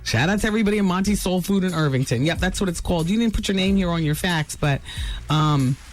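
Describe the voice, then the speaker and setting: A woman's voice: lowish voice, fast talker, soft background music. A woman radio host chatting casually through celebrity gossip, full of asides and self-corrections, in a studio.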